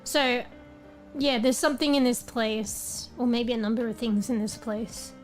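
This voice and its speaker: A woman's voice: on the high side, unhurried, soft background music. A woman streamer chatting casually with viewers. She rambles, swears often, and is losing her voice.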